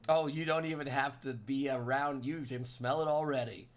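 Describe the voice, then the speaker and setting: A man runs a tabletop game as game master. He narrates in a rambling way, doubling back and correcting himself, at an average pitch for a man. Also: steady tone, moderate pace.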